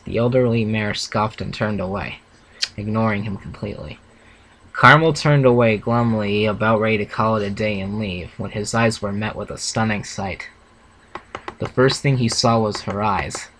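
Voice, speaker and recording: This rough recording catches a young man with a lowish, fairly bright voice as he and a co-host read fanfiction aloud casually, his delivery stumbling and self-correcting in a reaction format.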